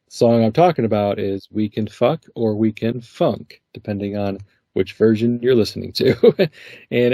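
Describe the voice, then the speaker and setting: A male podcast host with a low, mellow voice, laughing easily and talking in a loose, conversational way. The sound is close and dry, with no room around it. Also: dry recording. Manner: laughs often, relaxed conversational delivery. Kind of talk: casual podcast chat.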